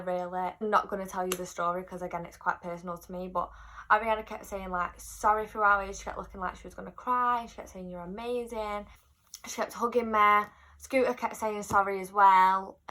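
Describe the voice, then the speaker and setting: A young woman telling a personal story in a casual, chatty vlog, acting out what people said. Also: mid-range voice. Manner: chatty, animated retelling with quoted voices. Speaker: vlogger.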